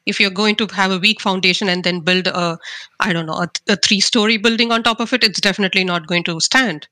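A woman guest on a podcast, calmly explaining web development terms with simple analogies. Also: mid-range voice, quick pace, no room sound. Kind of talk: casual podcast chat.

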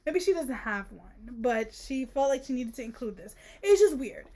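This is a young woman with a high-pitched voice co-hosting a casual book-discussion podcast. She talks in an animated, sarcastic way and laughs often. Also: normal speed. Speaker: podcast co-host.

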